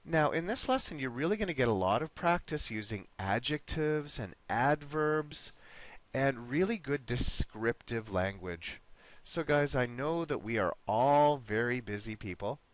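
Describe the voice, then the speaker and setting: A man teaching an online class, giving each student encouraging feedback by name and slowly modeling pronunciation. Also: mid-range voice.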